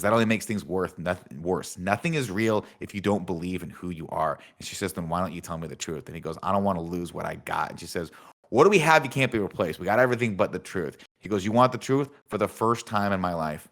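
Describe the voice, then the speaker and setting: A man in his thirties casually recapping a movie's plot as a podcast host, in a deadpan manner. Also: low-pitched, fast talker. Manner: deadpan, reads out film dialogue in recaps.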